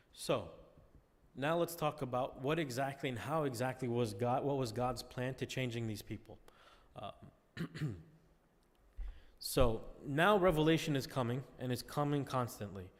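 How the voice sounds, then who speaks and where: A man's voice: medium pitch, measured pace. A man teaching a class in a conversational lecture, often checking in with his listeners. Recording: long reverb.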